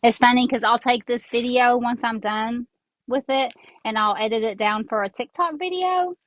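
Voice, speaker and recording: Working with her hands on a craft, a Southern woman rambles in a casual tutorial chat, slightly stuffed up from her sinuses. She speaks at normal speed in a fairly high, slightly bright voice. The earbud mic recording is low quality, with no echo.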